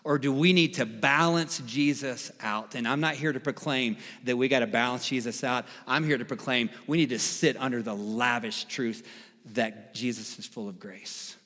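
A man preaching a sermon as pastor, emphatic, repeating key phrases and swinging between quiet and loud. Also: medium pitch, moderate pace. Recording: long reverb of a large hall.

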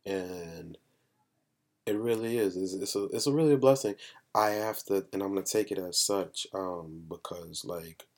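A man's voice: low-pitched, normal speed. A young man co-hosting a podcast in casual chat, frank and emphatic, often repeating himself. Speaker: podcast co-host.

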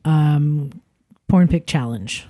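A woman hosting a casual panel chat, steering the talk briskly. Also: low voice, mellow, no echo, clean studio sound. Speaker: podcast host.

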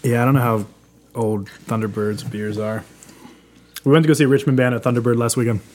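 A man chatting casually on a beer podcast, rambling through stories with quick asides. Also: mid-range voice, steady tone, background noise.

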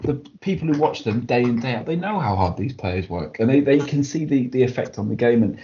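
A man's voice: medium pitch, a little fast, slight background noise. A man co-hosting a casual chat and getting passionate and fired up as he talks. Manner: passionate, builds up excitedly. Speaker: podcast co-host. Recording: dull lo-fi audio.

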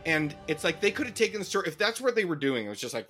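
A man's voice: a little high, racing, faint music behind. Ranting middle-aged man. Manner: animated, profane ranting. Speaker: podcast co-host. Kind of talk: casual gaming podcast chat.

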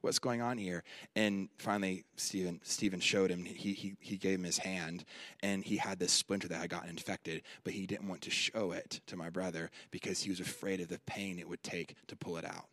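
A man preaching a sermon at a conference, with slow, deliberate phrasing, repeated lines and loud, emphatic peaks. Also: low voice, level tone, no echo.

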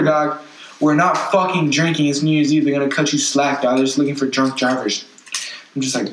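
A man's voice: on the high side, steady tone, a little fast, fairly bright tone. A young man telling a long story in casual, slangy talk, swearing a lot. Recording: echoey room, mic at a distance, faint noise.

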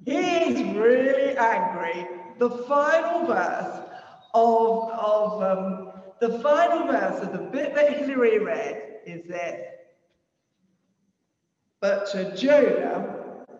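A man with a very high voice preaches in an unhurried, conversational way and puts rhetorical questions to his listeners. He sounds far from the mic in a big, echoing church hall, and the recording is dull and muffled. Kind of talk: sermon. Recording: distant, roomy, dull long-reverb hall sound.

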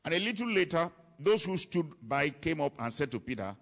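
A man's voice: fairly high pitch, big pitch swings, brisk, creaky, few pauses, fairly bright tone. A man preaching a sermon to a congregation, emphatic and fond of repeating his key lines for weight. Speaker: preacher teaching on ministry.

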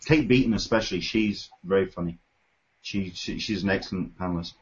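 A man's voice: low-pitched, a little fast. A man hosting a podcast, chatting enthusiastically and rambling with lots of fillers. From United Kingdom. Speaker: podcast host. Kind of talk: casual chat. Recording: dull lo-fi recording.

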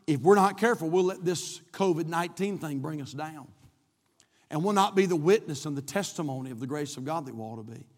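Preaching in a church sanctuary that is being live-streamed, a male pastor repeats himself emphatically while his delivery swings up and down. His fairly high voice is animated and fairly quick, trailing a long reverb tail.

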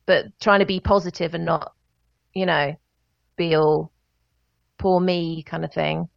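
Brief: woman, low gravelly voice, chatty and animated interview guest, dry lo-fi recording. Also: measured pace, no room sound. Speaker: guest, singer and vocal coach. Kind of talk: casual interview storytelling.

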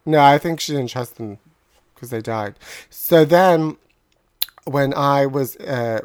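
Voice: medium pitch, slow pace, clear, resonant tone, no room sound. Dry, close-sounding casual storyteller. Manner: chatty storyteller, laughs at own story. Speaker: podcast co-host telling a story. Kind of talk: casual chat, anecdote.

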